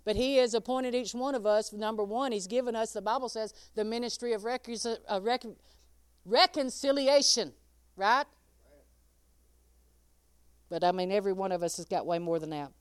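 A woman preaches a sermon in a high, smooth, clear voice. She talks in a folksy way, laughing often and calling on listeners by name. The sound is dry and close. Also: normal speed, long pauses, no room sound.

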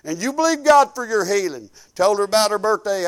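An older man delivers a sermon in a drawl with a strikingly high voice, expressive and fairly quick. He drives his points home by repeating them and slips in folksy storytelling asides, acting out small quoted exchanges along the way.

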